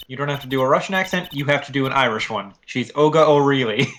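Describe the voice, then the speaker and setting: A man's voice: medium pitch, fast, fairly bright tone. A man co-hosting a game stream, chatting casually with teasing banter. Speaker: co-host. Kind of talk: casual gaming stream chat. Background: game music.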